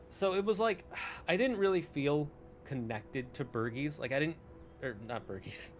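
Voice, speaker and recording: A man's voice: medium pitch, a bit bright. A young man streaming, chatting casually and rambling, often correcting himself and breaking off into asides to chat.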